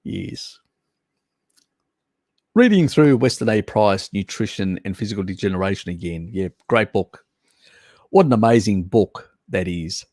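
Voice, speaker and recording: A relaxed man hosts a live stream and chats easily with the viewers reading his comments. His voice sits a little low and he takes his time with each phrase. The sound is dry and close, with no room around it. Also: a little slow, long pauses, dry recording. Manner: chatty, laughs often, addresses viewers as mate.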